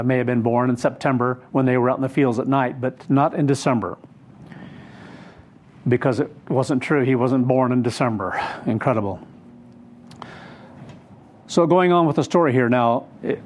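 A man preaching a sermon, retelling a scripture story in an unhurried, emphatic way with frequent fillers. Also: medium pitch.

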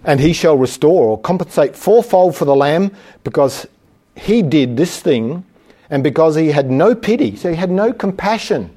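A man preaching a sermon, reading scripture slowly with emphasis and then explaining it in plain conversational talk, with the odd chuckle. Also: fairly high pitch, animated, dark tone, husky.

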